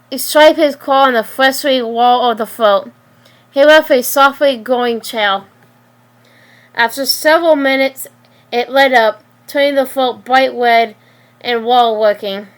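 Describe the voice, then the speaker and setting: A woman reading her own story aloud, halting, with frequent restarts and slips. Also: high voice, a bit bright.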